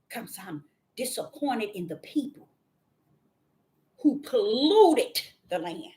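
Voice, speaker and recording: Fiery high-voiced woman preaching, scolding. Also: very animated, slow pace, pauses often, slight background noise. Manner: scolding, swings from low mutters to shouted outbursts. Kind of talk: fiery street sermon.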